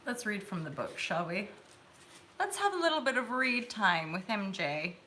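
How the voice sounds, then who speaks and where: Brief: woman, host of a live tarot stream, bright and bubbly, giggly, chatty. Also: mid-range voice, big pitch swings, normal speed, slight background noise. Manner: bubbly and giggly, talks straight to viewers. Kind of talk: casual chat.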